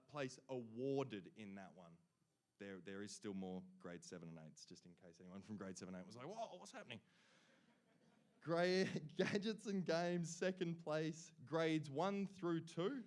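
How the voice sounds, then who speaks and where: A young adult man from Australia with an Australian accent, announcing award winners at a live event and joking between names. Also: medium pitch.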